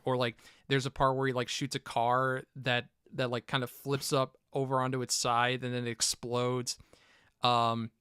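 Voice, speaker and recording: Bright, crisp-voiced young man hosting. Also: mid-range voice, no room sound, studio quality. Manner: rambling, many fillers, acts out quotes. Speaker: podcast host. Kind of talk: casual film chat.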